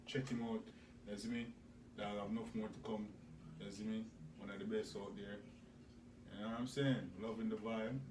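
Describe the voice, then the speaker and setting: A man with a Jamaican accent reacting to a music video, full of patois slang and loud bursts of hype. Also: on the low side, noisy background.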